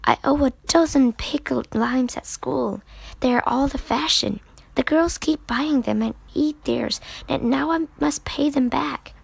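A woman reader voicing a sulky, tearful young girl in a storybook reading, in a breathy, pleading manner. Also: sits high, measured pace, dry recording, heavily acted.

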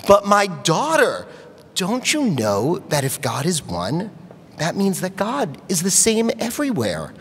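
A man voicing a gentle, puzzled rabbi questioning his daughter tenderly, heard with the long reverb of a large sanctuary. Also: high-pitched, wildly swooping pitch, measured pace, a little hiss or hum, heavily acted. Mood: pleading.

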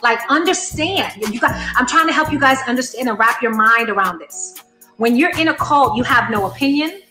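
A woman talks earnestly and emphatically, explaining things to her listeners. Her voice is bright and forward, and the room is echoey with faint music behind. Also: a little high, lively intonation, moderate pace. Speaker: commentator and former cult member. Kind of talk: commentary monologue.

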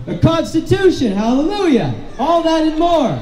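A man giving an impassioned rally speech outdoors in the rain, repeating slogans and rising to shouts. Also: very high voice, big pitch swings, normal speed, echoey room, some chatter behind, rough recording. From Canada. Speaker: rally speaker. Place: street protest outdoors in the rain.

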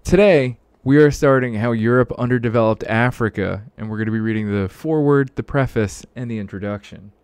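A man's voice: mid-range voice, fairly quick, hardly any pauses, clear, resonant tone, no room sound. A man co-hosting a reading stream, joking and swearing freely in casual chat. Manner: lively, jokey, swears freely. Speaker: co-host and stream moderator.

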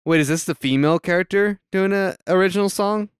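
A young man co-hosting a casual movie podcast, excitable and quick to swear and laugh. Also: sits high, clear, resonant tone, no room sound. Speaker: podcast co-host. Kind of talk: casual movie-watching chat.

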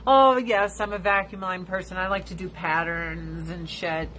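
A woman hosting a casual livestream chat, telling blunt, profane stories and squealing high when she imitates other people. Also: fairly even intonation, moderate pace, a bit bright, a little hiss or hum, rough recording. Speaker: livestream host.

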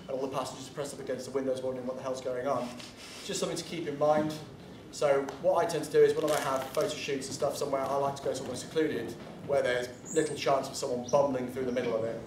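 A man talks through an informal convention panel in a blunt, rambling way, dropping the occasional swear. He sits some way off the microphone, so his mid-pitched voice comes through roomy, with a faint hum of ambience behind it. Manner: chatty, blunt, digressive, swears casually. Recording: echoey room from far off, faint ambience.

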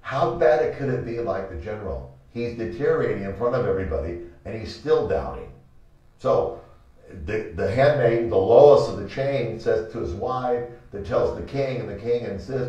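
A man hosting a pastoral talk show, telling a Bible story in an animated way and acting out the quotes. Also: mid-range voice, normal speed. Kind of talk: preaching talk-show chat. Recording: echoey room, mic from a distance, dull sound.

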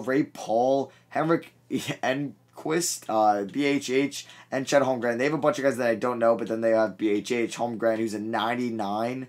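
A man's voice: mid-range voice, moderate pace, hardly any pauses. A man giving casual gameplay commentary as a video creator, chatty and thinking aloud as he goes. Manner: chatty, thinks aloud, mild self-corrections.

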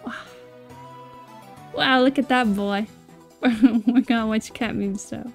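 A woman's voice: on the high side, fairly even intonation, takes it slowly, soft background music. A woman streamer chatting casually with viewers while she plays, laughing often. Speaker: gaming streamer. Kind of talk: casual live-stream gameplay chat.

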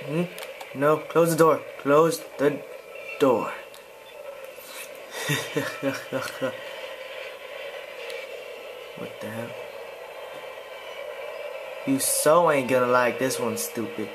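A jumpy gamer talks through a let's play, switching between yelps, pleading and quiet muttering. The pace is slow and drawn out, and a clear layer of noise sits under the voice in a home recording. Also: mid-range voice.

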